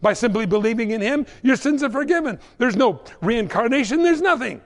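A suave, scheming shopkeeper, as a preacher acts him out, all smooth salesman patter. His voice sits high and moves with lively swings. A long hall echo trails each line. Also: a little fast. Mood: indignant. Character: smooth, scheming male religion-store seller.

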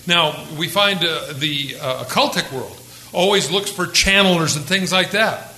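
A man's voice: on the high side, measured pace, bright, forceful tone, echoey room, poor audio. A man preaching a conversational sermon to his congregation, rising for dramatic quotes. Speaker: pastor.

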